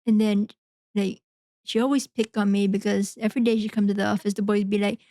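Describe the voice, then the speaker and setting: A woman's voice: medium pitch, little pitch movement, brisk, warm tone, no room sound. A woman hosting a podcast, talking frankly in a rambling, casual monologue full of fillers. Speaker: podcast host.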